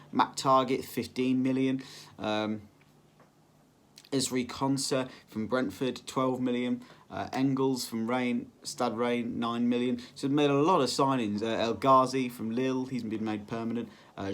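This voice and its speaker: Guy talking football predictions, lots of ums, keeps correcting himself, mid pitch. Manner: rambling, filler-heavy, self-correcting. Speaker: football vlogger. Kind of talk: casual solo prediction vlog.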